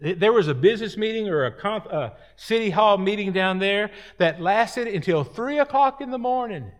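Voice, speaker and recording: A man's voice: high-pitched, animated, moderate pace. A man preaching a sermon as pastor, folksy and rambling, with repeated words and chatty asides.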